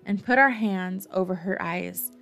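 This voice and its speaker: A woman's voice: medium pitch, measured pace, creaky, a bit bright, soft background music. A woman voicing a prim, know-it-all young schoolboy in a storybook reading.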